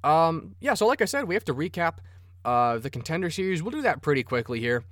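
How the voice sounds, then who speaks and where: A man's voice: fairly high pitch, sing-song, a little fast, fairly bright tone, no room sound, studio quality. Profane, rambling man. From Minnesota. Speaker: podcast host. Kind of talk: casual sports podcast talk.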